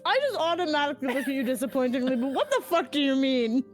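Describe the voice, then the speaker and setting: A woman's voice: high voice, very animated, fast, music in the background. A woman who plays in a tabletop game, chatting casually and teasing her game master with a giggle. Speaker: player. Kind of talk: casual podcast chat.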